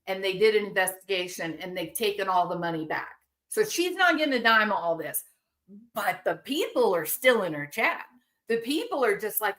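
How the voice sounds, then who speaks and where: A woman's voice: mid-range voice, expressive, moderate pace, a bit bright. A woman hosting a commentary channel, talking in an emphatic, indignant way, with rhetorical asides to her viewers. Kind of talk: opinionated commentary.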